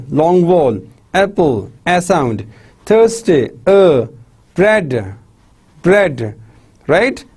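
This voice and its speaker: Reading pronunciation examples one word at a time, this male university lecturer has a Pakistani English accent and a high, slightly husky, darkish voice at an unhurried pace. He peppers the drills with "right?" and "see" and calls everyone "my dear students."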